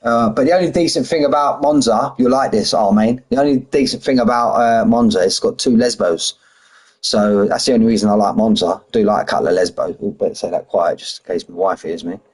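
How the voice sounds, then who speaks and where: Chatty husky British man streaming. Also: mid-range voice, a little fast, poor audio. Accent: British English. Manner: chatty, banters with chat, drops h's and says "mate". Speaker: sim racing streamer. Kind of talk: casual live-stream chat.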